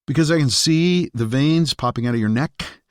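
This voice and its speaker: A man's voice: medium pitch, normal speed, no room sound, studio quality, voice pushed up, natural voice. A man voicing a casual young male soldier who teases his teammate in loose banter in an audiobook. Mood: teasing.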